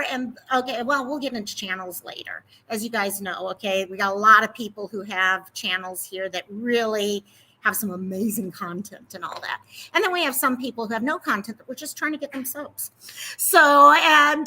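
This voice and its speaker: A woman with a high, bright voice hosts a casual livestream. She talks in a chatty, rambling way and greets each viewer by name. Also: rough recording. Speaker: livestream host.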